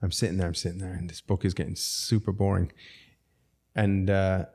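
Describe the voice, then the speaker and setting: A man's voice: low voice, brisk, slightly rough. A middle-aged man, a restaurateur guest on a podcast, telling casual stories and laughing his way through them. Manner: laughs through lively anecdotes. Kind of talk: casual storytelling.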